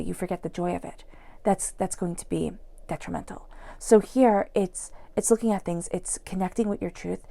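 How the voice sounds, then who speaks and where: Soft-spoken tarot reader woman, gravelly. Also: medium pitch. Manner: earnest, soft-spoken, drifting into whispers. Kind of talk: tarot reading.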